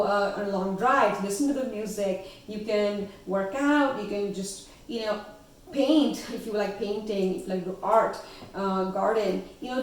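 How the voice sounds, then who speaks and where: A woman's voice: medium pitch, a little mellow, far from the mic. A woman talking casually as a spiritual coach, often checking in with "okay?". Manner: chatty, frequent "okay?" check-ins and laughs. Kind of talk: casual teaching monologue. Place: her house. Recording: echoey room, voice from off-mic.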